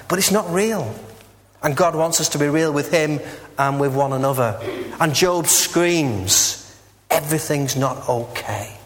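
Earnest minister preaching in a reverberant church. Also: male voice, on the high side. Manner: earnest and candid, with many "uh" and "you know" fillers. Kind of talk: conversational sermon.

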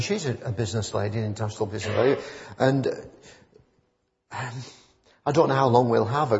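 A man's voice: medium pitch, vocal fry, darkish tone. A man preaching an informal sermon, telling stories in a rambling, conversational way and building to fervent emphasis. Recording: muffled church recording with long reverb.

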